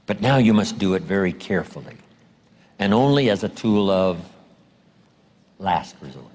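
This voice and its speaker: A man giving a motivational seminar lecture, emphatic and drawing out key words slowly. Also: on the low side, lively intonation, darkish tone. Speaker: seminar speaker. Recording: long hall reverb.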